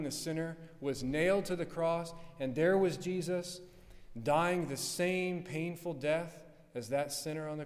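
Fervent preacher in a reverberant hall. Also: male voice, mid-range voice. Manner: fervent, swinging from loud to hushed. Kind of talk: sermon.

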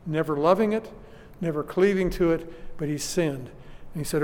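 A man's voice: a little high, moderate pace, a little mellow, in a large hall. A man preaching a sermon to his congregation, earnest and questioning his listeners. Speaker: pastor.

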